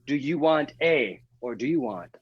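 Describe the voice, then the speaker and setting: A man hosting a comedy panel game. He chuckles often, keeps an upbeat tone and reads each question out slowly. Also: medium pitch, lively intonation, breathy edge, highs cut off. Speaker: game show host.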